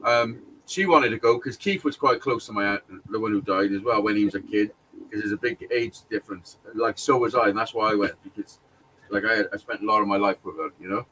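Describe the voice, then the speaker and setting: A man's voice: on the low side, brisk, sharp tone, far from the mic, a little hiss or hum, rough recording. A man telling a long personal story in casual chat, sweary and rambling, with frequent restarts and laughs.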